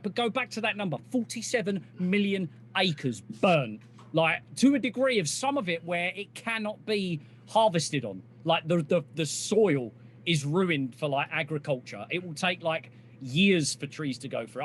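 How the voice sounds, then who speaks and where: A fairly high-voiced English man in loose podcast banter, rambling and restarting his sentences. A faint hum sits under his voice. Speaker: podcast co-host. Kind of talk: casual banter.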